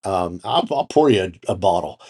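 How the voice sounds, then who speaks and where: A man's voice: low-pitched, animated, normal speed, a little mellow. A man co-hosting a casual podcast, joking around and swearing casually as he wraps up the episode. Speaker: podcast co-host. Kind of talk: casual chat.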